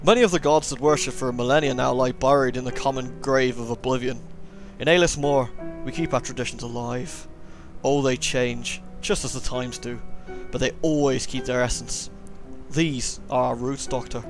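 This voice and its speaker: A solemn old lord with a put-on Irish lilt, as a man acts him out, speaking slow and stately with drawn-out phrases. His pitch sits in an ordinary middle range, with faint music underneath. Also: steady tone, natural voice.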